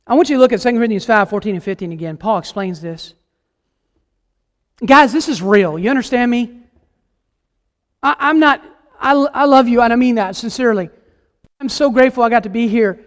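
A man's voice: very high voice, fairly quick, long pauses, big-room sound. A man preaching a sermon as a guest preacher, emphatic and impassioned, putting questions to the congregation. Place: church sanctuary.

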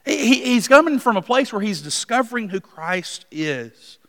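High-voiced preacher in a reverberant hall. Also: male voice, sing-song, normal speed. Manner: dramatic, swings from hushed to emphatic. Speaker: pastor. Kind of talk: sermon reading scripture.

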